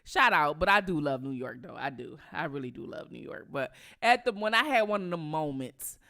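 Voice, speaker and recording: A woman's voice: sits low, expressive, brisk, gravelly, pushed and bright. A woman from Detroit with a Detroit accent, hosting casual commentary, emphatic and outraged, repeating herself for effect. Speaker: commentary channel host.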